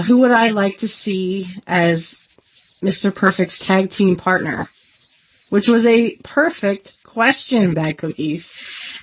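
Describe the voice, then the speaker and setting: A woman hosting her own podcast in an earnest, rambling, self-deprecating casual chat. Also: medium pitch. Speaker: podcast host.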